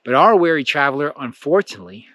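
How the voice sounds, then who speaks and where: A man hosting a motivational lesson, telling a story in an animated way and checking in with "right?" as he goes. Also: on the high side, quick pace, highs cut off. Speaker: channel host.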